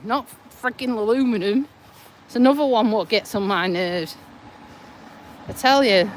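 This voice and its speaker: An English woman chatting to her live viewers while she walks along a roadside footpath, teasing and laughing often, a little out of breath, speaking into a hand-held phone. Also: a little high. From England. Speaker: vlogger. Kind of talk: casual live-stream chat. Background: passing traffic.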